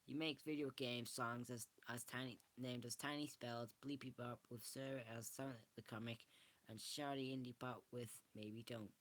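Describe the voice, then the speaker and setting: A man's voice: mid-range voice, fairly even intonation, moderate pace, a bit bright. A man, casually showing a book on camera and rambling through it with frequent restarts. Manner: rambling, restarts often, self-correcting. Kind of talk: casual show-and-tell.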